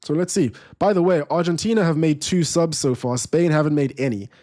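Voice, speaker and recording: A young man hosting a live football watchalong, reading viewer chat aloud and giving casual commentary in a relaxed, rambling way. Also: fairly high pitch, a little fast. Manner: relaxed, rambling, restarts sentences.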